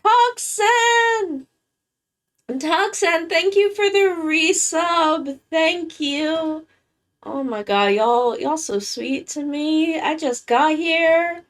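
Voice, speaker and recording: A worn-out woman chatting casually with her live-stream viewers, halting and rambling as she recovers from being sick. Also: high-pitched. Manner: rambling, halting, with many restarts. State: worn-out and tired, recovering from illness.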